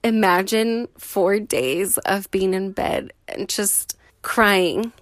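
A woman interviewer who asks questions in a gentle, measured way. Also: mid-range voice, no echo, studio quality.

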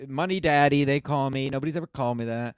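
A man's voice: medium pitch, fast talker, clear, resonant tone, no room sound, clean studio sound. A young man co-hosting a casual call-in show, telling a profane, ranting story. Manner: ranting, profane, builds to shouting. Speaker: podcast co-host.

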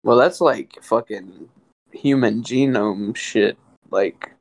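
A man's voice: fairly low pitch, takes it slowly. A young man co-hosting a podcast, rambling in a laid-back, swearing casual chat. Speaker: podcast co-host.

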